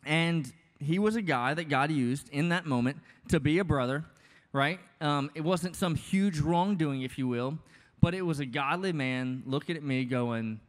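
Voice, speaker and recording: A man in his thirties preaches in a loose, conversational way, slipping in jokes and asides as he goes. His voice sits a little high for a man. The sound rings with the long reverb of a large hall. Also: normal speed. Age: 30s. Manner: casual, joking, conversational preaching with many asides. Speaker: pastor. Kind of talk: sermon.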